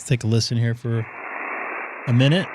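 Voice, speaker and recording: A man's voice: mid-range voice, fairly even intonation, a little fast, noisy background. Chatty man rambling on a live stream. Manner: rambling, thinking aloud with fillers. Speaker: ham radio live streamer. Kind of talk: casual live-stream chat.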